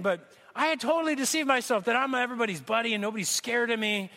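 A man preaching to his congregation with a high, bright voice. He tells humorous stories and works the crowd with questions. His delivery is animated and conversational, the way a pastor talks from a church stage. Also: fast, gravelly, hardly any pauses. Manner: animated, jokey storytelling to a congregation. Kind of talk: sermon. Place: church sanctuary.

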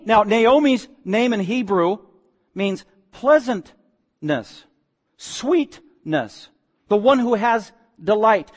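High-voiced preacher in a reverberant hall. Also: male voice, animated, measured pace. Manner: paraphrases scripture in casual speech, jokes. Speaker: pastor. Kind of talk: sermon.

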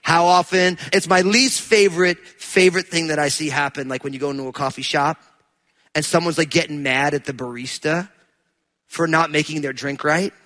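A pastor from New Jersey with a high, bright, ringing voice. He talks to the congregation in a loose, chatty way, then swells into loud, emphatic preaching. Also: steady tone, normal speed. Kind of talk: sermon.

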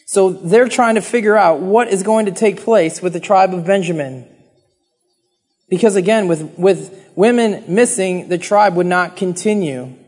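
High-voiced guy preaching, earnest and chatty, acts out prayers, big echoey hall. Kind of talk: sermon. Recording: long reverb of a hall.

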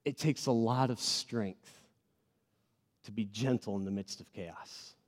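A man in his thirties preaching a sermon to a congregation, earnest and personal, swinging between loud emphatic bursts and soft, quiet moments. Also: fairly low pitch, unhurried. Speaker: pastor. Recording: long hall reverb.

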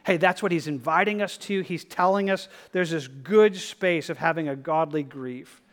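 Pastor guy preaching, earnest, kinda high voice, repeats himself a lot. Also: normal speed. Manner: earnest, repetitive, drops to soft tones for quoted prayer. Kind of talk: sermon.

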